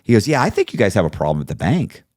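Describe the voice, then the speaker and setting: A man's voice: on the low side, rapid-fire, dry recording, studio quality. A man guest in an interview, telling a long story and acting out the voices of others in it. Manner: animated storyteller, acts out quoted voices. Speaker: podcast guest.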